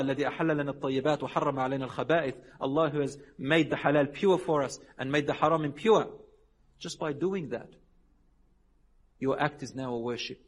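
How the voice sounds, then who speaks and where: A man preaching a sermon, telling stories with lively voiced dialogue and dropping Arabic religious phrases. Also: on the high side. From Lebanon. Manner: animated storytelling, acting out quoted people. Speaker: Islamic preacher.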